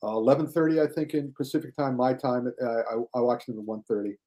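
An older man talking casually as a podcast guest, lively, often mimicking others in high mocking voices. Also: a little fast. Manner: animated, mocks critics in high shouted voices. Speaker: guest film critic.

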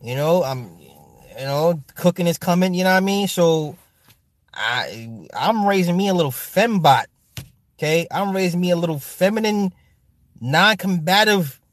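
A man on a home livestream, chatting to his viewers in a loose, profane, animated way. He laughs a lot and talks straight to the chat. His voice sits a bit high for a man, and it is recorded close and dry with no room sound. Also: unhurried, dry recording. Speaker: livestream host reading viewer comments. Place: home streaming setup with ring light.

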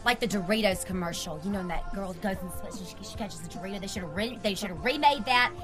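A woman's voice: medium pitch, fast, over music. A woman co-hosting a casual podcast chat, playful and teasing. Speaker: podcast co-host.

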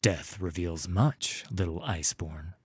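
A man voicing a gaunt undead man who speaks in a solemn, measured way. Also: low voice, lively intonation, husky, dry recording, studio quality, heavily acted.

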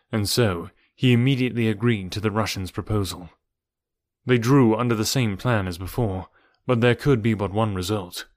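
A man reading a novel aloud as narrator, in a measured, somber way. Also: lowish voice, no echo, clean studio sound. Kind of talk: audiobook narration.

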